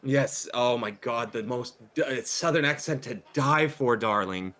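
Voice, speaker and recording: A man voicing an excitable, effusive woman who gushes about her church, halting with many fillers. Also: medium pitch. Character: gushing, excitable female churchgoer friend.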